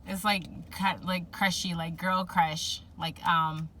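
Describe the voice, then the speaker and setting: Tarot reader, woman, chatty and giggly, bright clear tone, low-ish voice. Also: fairly even intonation, slow pace, a little hiss or hum. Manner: rambling, giggly, filler-heavy. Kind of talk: casual spoken tarot reading.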